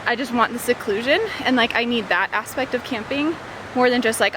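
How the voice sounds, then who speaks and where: A chatty, rambling woman in her late twenties with a bright, high voice talks casually to a handheld camera. She is outdoors at a campsite, and steady outdoor noise sits clearly under her voice throughout. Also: brisk. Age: late 20s. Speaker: vlogger. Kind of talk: casual vlog chat.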